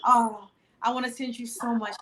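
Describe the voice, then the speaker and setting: A middle-aged woman with a fairly high voice and an earnest, consoling, preacherly delivery. She coaches spiritual wellness and talks with a caller on her show. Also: level tone, moderate pace, fairly bright tone. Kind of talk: emotional live-show chat with a caller.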